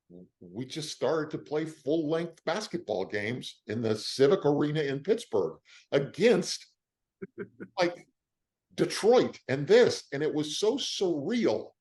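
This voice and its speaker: An older man, an actor, being interviewed and telling animated stories about his career, acting out what other people said. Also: mid-range voice. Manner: animated storyteller who acts out the quoted lines of others. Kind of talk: casual interview storytelling.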